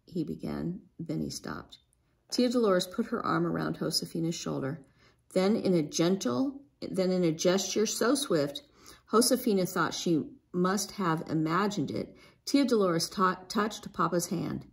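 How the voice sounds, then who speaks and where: Gentle woman reading a storybook aloud. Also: on the low side, unhurried, creaky. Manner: gentle, expressive, lifts her voice for a young girl's lines. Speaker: storybook reader. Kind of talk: reading a children's book aloud.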